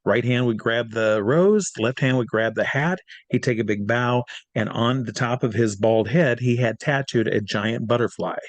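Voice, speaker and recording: A man from Iowa telling a long personal anecdote as an interview guest, lively, his voice jumping high when he reenacts scenes. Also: normal speed, dry recording. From Iowa, USA. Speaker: interview guest, hypnotist and magician.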